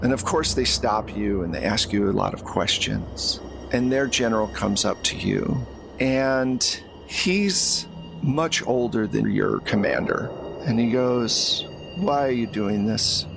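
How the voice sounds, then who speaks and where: A man running a tabletop game, narrating in a measured second-person style. He talks slowly with a creaky, gravelly texture. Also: lowish voice, music in the background. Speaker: game master.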